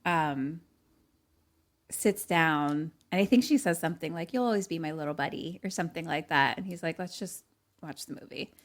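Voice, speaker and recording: A woman's voice: low-pitched, normal speed. A woman co-hosting a podcast, casually retelling a movie scene by scene with lots of fillers and acted-out quotes. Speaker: podcast co-host. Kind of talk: casual chat recapping a movie.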